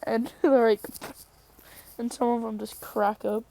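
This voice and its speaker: A woman's voice: fairly high pitch, fairly even intonation, a little slow, creaky, dark tone. A woman casually retelling a fan story in a rambling way, often correcting herself.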